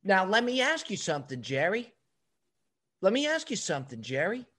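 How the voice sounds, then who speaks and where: A man's voice: high-pitched, sing-song, normal speed, a bit bright. A man co-hosting a casual comedy podcast, lecturing his co-host in a needling, mock-serious way.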